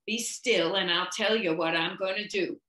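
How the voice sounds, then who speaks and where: A woman reading the lines of a quiet, grim male orderly, low and deliberate. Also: steady tone, echoey room, natural voice, low-quality recording.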